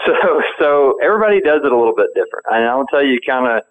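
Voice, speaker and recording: A man's voice: mid-range voice, fast talker, smooth. Male interview guest on a phone line, easygoing and thoughtful. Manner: relaxed, thinking aloud with fillers. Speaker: guest, firearms company founder. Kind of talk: casual interview talk.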